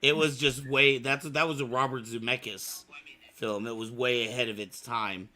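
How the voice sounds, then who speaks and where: A man's voice: mid-range voice, steady tone, moderate pace, sharp tone. A man hosting a podcast, casually chatting and steering the group between topics. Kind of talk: casual chat.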